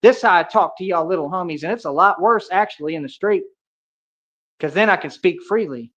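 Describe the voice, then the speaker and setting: On a heated livestream, a man with a high-pitched, fairly bright voice talks fairly quickly, boasting and picking fights in street slang full of "bro" and "real talk." The audio sounds dull and lo-fi.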